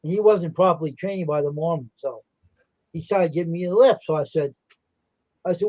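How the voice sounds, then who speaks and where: A male livestream host animatedly tells a story, laughing often, acting out quotes and mentioning that he's tired. His voice is high-pitched, a little fast, with vocal fry, and the stream audio sounds dull and lo-fi.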